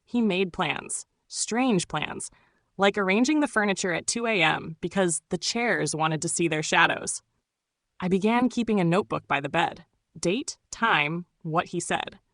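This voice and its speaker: Woman reading a personal story, lowish voice, dry close sound, calm and measured. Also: dry recording. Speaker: narrator. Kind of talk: scripted first-person story narration.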